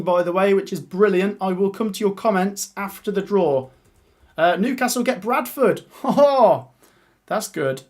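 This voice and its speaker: A man hosting a live watch-along stream, chatty and excitable, laughing often as he reads out and reacts to the draw. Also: sits high.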